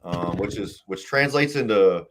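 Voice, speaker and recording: A man's voice: fairly low pitch, expressive, a little slow. A man as an interview guest, telling his story earnestly and emotionally, acting out the voices of the people he quotes. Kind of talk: conversational interview.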